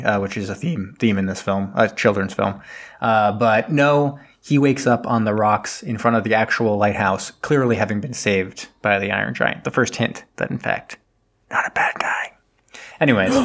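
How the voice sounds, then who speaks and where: A man's voice: lowish voice, a bit bright. A man on a podcast retelling a film's plot in casual chat, rambling along with plenty of fillers and asides.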